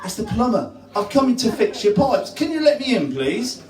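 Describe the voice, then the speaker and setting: A man voicing a dim-witted plumber who talks slowly and pleads to be let in. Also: very high voice, sing-song, darkish tone, pitched above the performer's own voice. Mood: pleading. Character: dim-witted adult male plumber, patient. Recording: echoey room from far off.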